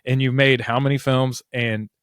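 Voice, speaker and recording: A man's voice: mid-range voice, little pitch movement, moderate pace, fairly bright tone, clean tone, no room sound, studio quality. Chatty man hosting a podcast. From Ohio. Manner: chatty, eager reactions and questions. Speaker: podcast host. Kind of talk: casual interview chat.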